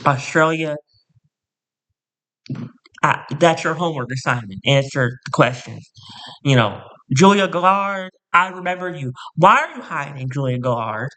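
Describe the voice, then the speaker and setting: A man's voice: fairly high pitch, expressive, measured pace, pauses often, sharp tone. A man from New Jersey delivering a rambling, profane comedic roast monologue, often sidetracking into mock-indignant rants. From New Jersey, USA. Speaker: comedian host.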